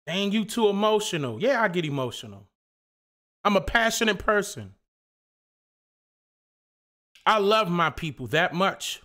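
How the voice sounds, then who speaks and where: A man's voice: high voice, big pitch swings, moderate pace, bright, forceful tone. A man hosting his own live stream, speaking in a passionate, preachy rant full of rhetorical questions and casual slang. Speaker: channel host.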